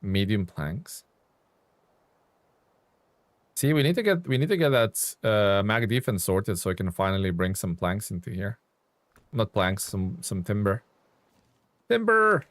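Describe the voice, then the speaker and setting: A man's voice: lowish voice, normal speed, no room sound. Chatty male game streamer. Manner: chatty, reads chat aloud and answers viewers. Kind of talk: casual live-stream commentary.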